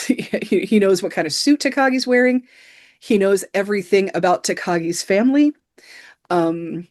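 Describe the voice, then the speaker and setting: A woman's voice: medium pitch, a little mellow. A middle-aged woman co-hosting a podcast, chatting enthusiastically and at length in a casual film review, filling gaps with "you know.". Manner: enthusiastic, rambling, with frequent "you know" fillers. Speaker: podcast co-host.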